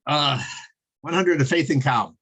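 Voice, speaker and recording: A man's voice: on the high side, measured pace, fairly bright tone, husky. A man teaching a casual online Torah class over a video call, chatty and digressive, chuckling as he tells jokes.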